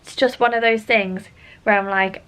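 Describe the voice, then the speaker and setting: A woman's voice: medium pitch, steady tone, normal speed, a bit bright, clean tone. A middle-aged British woman chatting candidly and with exasperation as she reviews a book, filmed on a phone. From United Kingdom. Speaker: book vlogger. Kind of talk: casual chat, book review. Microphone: phone camera.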